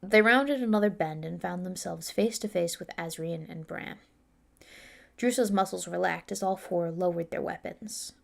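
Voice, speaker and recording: Woman with a gravelly, fry-tinged voice. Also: on the low side, normal speed. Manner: casual, talks herself through it. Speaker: author reading her own novel on stream. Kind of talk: livestream chat and book reading.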